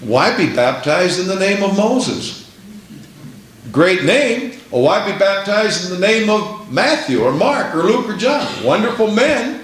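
A man's voice: on the high side, a bit bright, reverberant. A man preaching a sermon, reading scripture aloud and asking rhetorical questions with emphasis.

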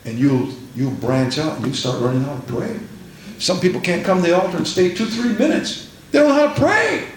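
A man's voice: high voice, big pitch swings, brisk. Fervent preacher man in an echoing hall. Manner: fervent, repeats phrases, calls out amen and praise the Lord. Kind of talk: sermon. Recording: very echoey hall with faint hiss.

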